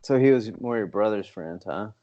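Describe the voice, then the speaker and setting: A man co-hosting a podcast in casual chat, reading items out in a deadpan, drawn-out way. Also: fairly low pitch, muffled recording. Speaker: podcast co-host.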